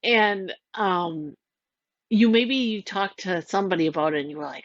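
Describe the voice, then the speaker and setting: A woman's voice: lowish voice, moderate pace, dry recording, highs cut off. Giggly woman rambling through a story. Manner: rambling, giggly, lots of "like" and quoted voices. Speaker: storyteller recounting a game plot. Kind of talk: casual retelling.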